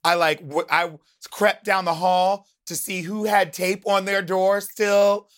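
A woman chatting as a podcast guest, an animated storyteller who slips into the voices of the people in her stories. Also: medium pitch, takes it slowly. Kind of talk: casual podcast chat.

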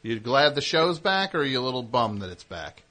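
A man's voice: medium pitch, sing-song, fairly quick, sharp tone. Teasing, rambling male radio host. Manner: teasing, riffing in long rambling runs. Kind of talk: call-in comedy banter.

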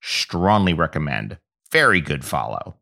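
A man reading a scripted podcast outro with credits in a brisk, upbeat way. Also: rumbling low, sing-song, creaky, bright, forceful tone. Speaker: podcast announcer.

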